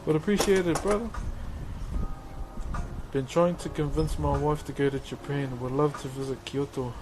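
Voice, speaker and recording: New Zealand man, streamer, laid-back chatty, voice sits a touch high. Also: fairly even intonation, moderate pace, background noise. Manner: easygoing, greets viewers as brother, laughs often. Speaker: livestreaming woodcarver. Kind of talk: casual livestream chat while working.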